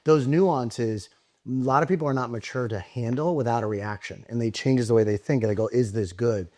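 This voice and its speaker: A man's voice: medium pitch, a little fast, darkish tone. A man hosting a coaching podcast, talking loosely and thinking aloud with many fillers. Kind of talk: conversational interview.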